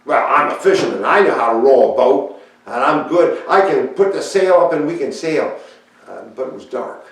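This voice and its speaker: A man speaking as the fisherman Peter, telling his story in a plain, folksy and halting way. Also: fairly high pitch, expressive. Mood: storytelling. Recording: echoey room, voice picked up from far off.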